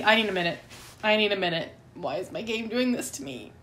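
A woman's voice: medium pitch, animated, brisk, fairly bright tone, soft background music. A woman hosting a let's play, giving chatty gameplay commentary and getting easily flustered and melodramatic.

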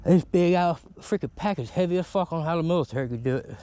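A man's voice: on the high side, fast, dark tone. Casual man vlogging in the woods. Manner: talks to his dog, swears casually. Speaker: bushcraft vlogger. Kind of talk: casual vlog talk. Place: outdoors in the woods.

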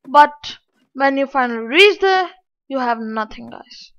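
A woman's voice: high-pitched, animated, measured pace, fairly bright tone. A woman giving casual game commentary, complaining aloud to her viewers in an exasperated way. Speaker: gaming channel host. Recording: dull lo-fi.

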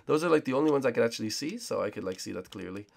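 Young male host for hyped gameplay commentary: raspy, fry-heavy voice with a bouncy, lively delivery. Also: medium pitch, rapid-fire, a little hiss or hum. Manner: hyped, repeats himself, calls out other players. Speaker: gaming channel host.

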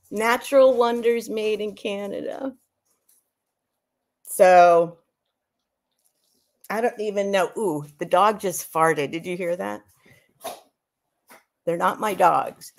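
Slow-talking, teary woman vlogger. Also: medium pitch, vocal fry, darkish tone. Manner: emotional, gushing, rambling. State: teary after crying. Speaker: vlogger opening gifts. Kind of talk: casual livestream chat.

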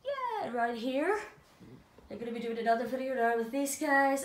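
A woman's voice: high-pitched, expressive, normal speed, reverberant, background noise. An older woman, a doll collector, chatting in a rambling, affectionate way, a little breathless. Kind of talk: casual chatty vlog. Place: room in her apartment.

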